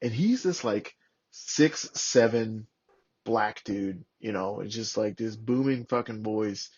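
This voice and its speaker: A man's voice: lowish voice, slow, slight background noise. A man in his thirties, a former Marine, telling war stories casually on a podcast, swearing freely and acting out the people he quotes. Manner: profane, animated, acts out shouted quotes. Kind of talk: casual storytelling. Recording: lo-fi podcast audio.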